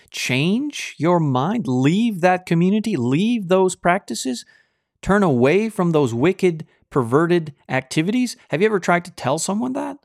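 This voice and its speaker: A man's voice: mid-range voice, no room sound. Man preaching with fire and insistence; dry, close recording. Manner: fiery, insistent, exhorting. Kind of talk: sermon.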